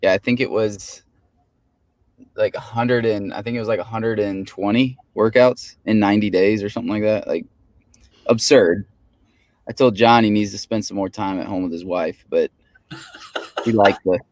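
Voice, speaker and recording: A man's voice: lowish voice, steady tone, moderate pace, long pauses, darkish tone, no echo. A man chatting casually, telling rambling anecdotes in an easygoing way. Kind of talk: casual podcast chat.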